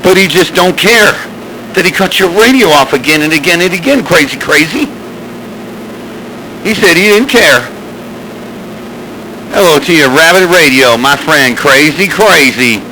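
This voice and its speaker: A man's voice: a little high, lively intonation, a little slow, pauses often, pushed and bright, slight background noise, rough recording. A man chatting over CB radio, rambling and teasing, with a repeated "crazy, crazy" catchphrase. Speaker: CB radio operator and channel host. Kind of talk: casual radio banter.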